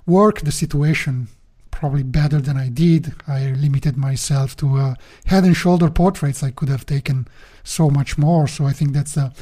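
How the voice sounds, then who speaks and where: A man's voice: fairly high pitch, warm tone. A man talking with the host over a video call, hesitant and often repeating words as he searches for them. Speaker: podcast guest. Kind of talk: casual conversation.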